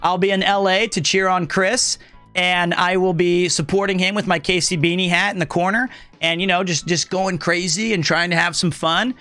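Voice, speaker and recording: A man's voice: high voice, steady tone, moderate pace, sharp tone, faint music behind. A young man streaming live, chatting casually and thanking viewers in an upbeat way.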